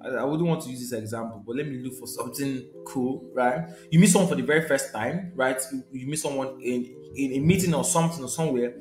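A man's voice: medium pitch, fast talker, hardly any pauses, reverberant, soft background music. A young man, teaching a live sales session in a conversational way, repeating his key points and checking in with viewers. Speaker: sales trainer.

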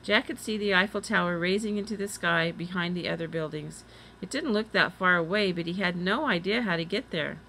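A woman reading a children's chapter book aloud, doing the children's lines a little higher. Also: brisk, sharp tone, slight background noise, low-quality recording. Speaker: reader. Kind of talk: storybook read-aloud.

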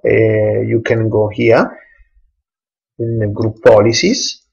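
Man, slow hesitant tutorial narrator, mouse clicks in background. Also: on the low side, level tone, gravelly, a little mellow, breathy edge, dull audio. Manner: halting non-native English, many hesitations. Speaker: tech tutorial presenter. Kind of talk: screen-recorded software tutorial.

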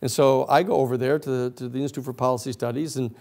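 A man's voice: mid-range voice, fast, creaky. A middle-aged man, a lawyer, giving a storytelling lecture and acting out the voices of people in his story. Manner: animated storyteller acting out quoted voices, laughing often.

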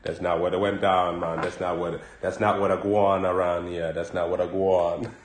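Preacher doing an evasive grown man: deep, quiet, dismissive denials, roomy echo. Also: little pitch movement, moderate pace, natural voice. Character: shifty evasive grown man denying everything.

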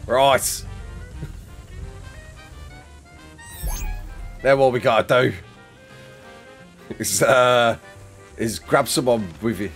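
A man's voice: medium pitch, takes it slowly, fairly bright tone, soft background music, voice pushed down. A man putting on an over-the-top Australian wildlife adventurer in a game video, exclaiming in slang and bursting into laughs. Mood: gleeful. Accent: put-on Australian. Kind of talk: gaming role-play.

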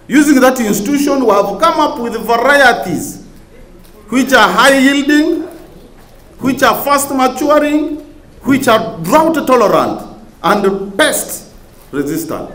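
A man's voice: very high-pitched, sing-song, slow pace, pauses often, fairly bright tone. Male minister from Uganda, public speaker, repeats points for emphasis, roomy conference hall sound. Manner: oratorical, repeats key phrases for emphasis, rising to emphatic peaks. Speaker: government minister giving a conference speech. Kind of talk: public speech to a conference audience.

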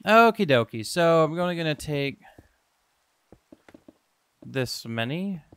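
Young guy yapping thru a game, excited, pokes fun at himself, bright clear voice, dry close mic. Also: fairly high pitch, takes it slowly, no room sound. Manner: excitable, self-mocking, talks to viewers. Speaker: gaming YouTuber. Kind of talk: casual let's-play commentary.

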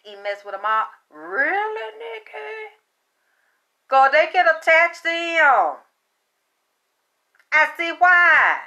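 High, bright-voiced woman reading tarot. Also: sing-song, slow, pauses often, highs cut off. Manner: chatty, profane, breaks into laughter. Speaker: tarot card reader. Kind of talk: casual spiritual reading monologue.

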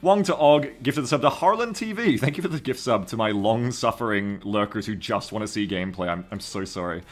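A man's voice: fairly low pitch, expressive, brisk. Streamer man thanking donors. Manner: thanking donors warmly, reading names. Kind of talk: casual live-stream chat.

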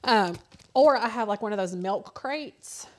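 A woman's voice: medium pitch, lively intonation, unhurried. A woman in her thirties co-hosting a casual chat, telling stories and acting out the voices of other people. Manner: storytelling, acts out quoted voices. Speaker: co-host.

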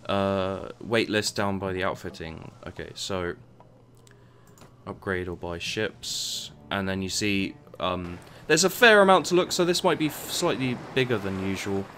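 Rambling low-voiced man reviewing a game. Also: expressive, unhurried, fairly bright tone, a little hiss or hum. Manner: rambling, stumbles and repeats words, mutters asides. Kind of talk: casual gameplay commentary.

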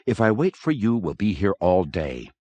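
A man reading aloud, voicing a sharp-tongued young woman who panics when the floor gives way. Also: low-pitched, very animated, moderate pace, no echo, lo-fi sound. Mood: curt. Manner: snappish, then panicked.

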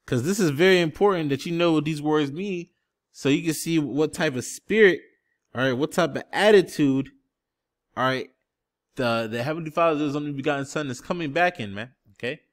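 A preacher teaches scripture emphatically, tossing in "okay?" and "man" after almost every phrase and looking up word definitions on screen as he talks. His voice is on the high side and fairly quick.

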